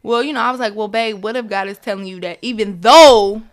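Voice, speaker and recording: A woman's voice: fairly high pitch, brisk. A young woman, a mother, telling an emotional personal story as an interview guest, acting out quoted dialogue and laughing often.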